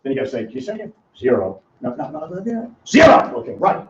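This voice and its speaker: A man's voice: high-pitched, big pitch swings, very fast. Teasing older man lecturing a room. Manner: teasing, quizzes audience by name. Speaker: financial educator. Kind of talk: live classroom seminar. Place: seminar room with small audience. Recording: roomy, distant, dull lo-fi sound.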